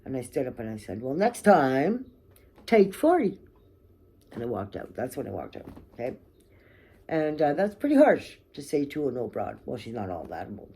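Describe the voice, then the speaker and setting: A woman's voice: very deep voice, very animated, fairly quick, warm tone, husky. A woman vlogger telling a personal story to camera, candid and blunt, swearing freely and checking in with "okay?" and "right?".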